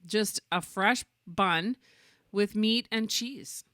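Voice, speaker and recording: Woman podcast co-host, bright voice, dry close mic, chatty storyteller. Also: medium pitch, slow pace, no room sound. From Canada. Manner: chatty, animated storytelling with playful mock voices. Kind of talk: casual chat.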